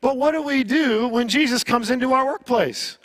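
A man with a notably high voice preaches a sermon in an easy, conversational way. He asks rhetorical questions and speeds up or slows down to stress a point. His voice sounds close and dry, with no room echo. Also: fairly bright tone. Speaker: pastor.

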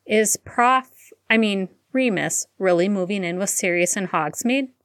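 A woman reading aloud, voicing an earnest teenage schoolgirl who exclaims in quick, hurried bursts. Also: medium pitch, fairly bright tone, no echo, clean studio sound, natural voice. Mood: indignant.

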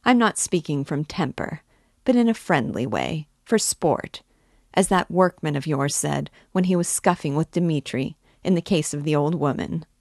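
A woman's voice: deep voice, expressive, normal speed, a little mellow, dry recording, clean studio sound. A woman voicing a feverish, irritable young male student who taunts with sardonic mockery. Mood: taunting.

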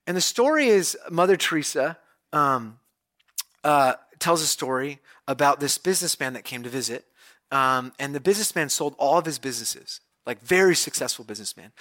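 A man's voice: fairly high pitch, animated, moderate pace, fairly bright tone. A male pastor giving a sermon, telling stories conversationally and then preaching with emphatic conviction.

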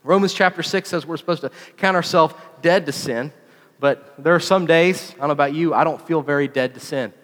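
A man giving a sermon in a lively, conversational way, often repeating phrases for emphasis. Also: a little high, brisk, in a large hall. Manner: animated, conversational preaching with repetitions.

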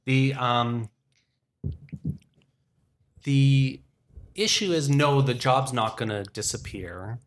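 A man's voice: medium pitch, takes it slowly, pauses often. Rambling man in his forties. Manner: rambling, thinking aloud with many restarts. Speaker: podcast guest, film industry worker. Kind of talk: casual interview chat.

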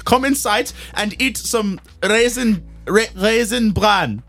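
A man's voice: high-pitched, slow, vocal fry, a bit bright, faint music behind, voice pushed up, heavily acted. A man voicing a strict, fussy German mother in a mock German accent, asking nosy questions and nagging.

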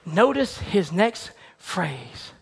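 High-voiced shouting male preacher. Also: sing-song, very slow, gravelly, breathy edge. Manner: rhythmic preaching, swinging from shouts to hushed near-whispers; repetitive, building cadence. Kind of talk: sermon.

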